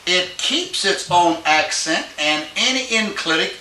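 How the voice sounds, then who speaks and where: Male language teacher, slow and methodical, bright tone, recorded from afar in an echoey classroom. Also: high-pitched, expressive, far from the mic, slight background noise. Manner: explains step by step, asks checking questions. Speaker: Greek teacher. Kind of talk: classroom lecture.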